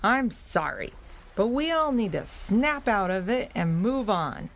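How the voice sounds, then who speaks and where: A woman's voice: mid-range voice, sing-song, unhurried. A woman voicing a blunt, practical male dog leader in a children's audio story, speaking frankly and scolding a little. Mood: firm.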